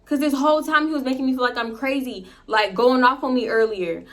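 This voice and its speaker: A woman hosting her storytime channel, telling the story casually, animated and blunt and swearing freely. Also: fairly high pitch, a little fast, few pauses.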